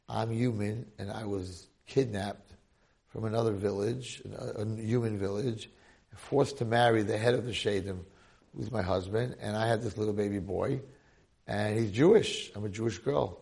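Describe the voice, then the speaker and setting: A man's gravelly storytelling voice turns into a frightened young wife giving urgent warnings. It sits quieter and slightly lower than his usual talk. The words come close and secretive. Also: a little slow, heavily acted.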